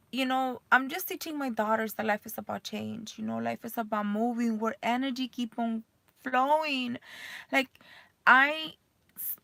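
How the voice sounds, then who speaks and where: A woman's voice: fairly high pitch, vocal fry, fairly bright tone, no room sound. A woman in her thirties, a mother, talking candidly in a rambling personal vlog full of fillers. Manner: emotional, voice rising and cracking near tears.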